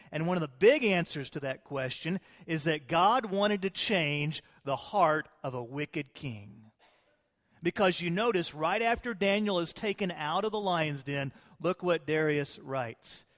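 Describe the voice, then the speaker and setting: Man, pastor, sermon storytelling, dramatic, high pitch, long hall reverb. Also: lively intonation, unhurried. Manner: dramatic, swings between loud and hushed.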